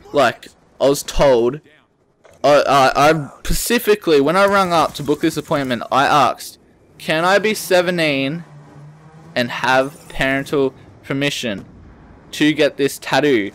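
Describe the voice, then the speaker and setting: A man's voice: on the high side, unhurried. A young Australian man in his late teens, telling a story in a casual rant over gameplay, swearing often and restarting his sentences. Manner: swearing, animated, rambling with restarts. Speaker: gaming channel host.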